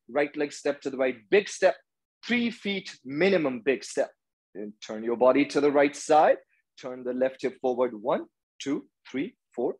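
A man's voice: mid-range voice, poor audio. A man leading a hot yoga class, giving firm, rhythmic commands and counting through each pose. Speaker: yoga teacher. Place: yoga studio.

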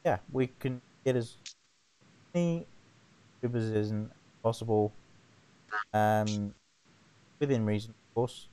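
A man hosting a casual live stream chat, relaxed and rambling with plenty of fillers. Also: on the low side, slow, long pauses, slight background noise. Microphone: video call setup.

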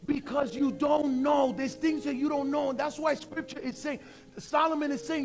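High-voiced pastor in his forties. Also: steady tone, gravelly. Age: 40s. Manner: emphatic, conversational, slows down to stress points. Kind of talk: sermon.

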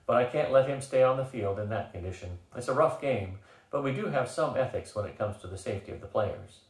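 A man's voice: medium pitch, lively intonation, brisk, close to an everyday voice. An older man voicing a firm, rule-bound male referee in a read-aloud story. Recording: roomy echo.

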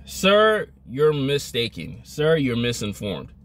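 A man's voice: mid-range voice, wildly swooping pitch, slow pace, a bit bright. A young man vlogging a motivational rant, emphatic, repetitive and scolding.

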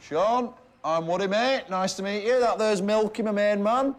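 A man's voice: high-pitched, normal speed, close to an everyday voice. A young man, coaxing and matey, swearing casually in a film scene. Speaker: friendly gang leader. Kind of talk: film drama acting.

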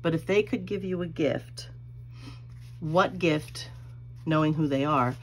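A woman's voice: low voice, takes it slowly, a little hiss or hum. A middle-aged woman hosting a crafting video, telling a rambling personal story while she works, laughing often. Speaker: crafting channel host.

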